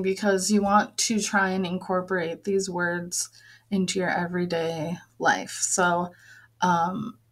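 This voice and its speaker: A woman teaching a vocabulary lesson, patiently repeating each word and explaining it, with frequent pauses and fillers. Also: lowish voice. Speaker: language teacher. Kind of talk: slow, careful vocabulary lesson with repeated words.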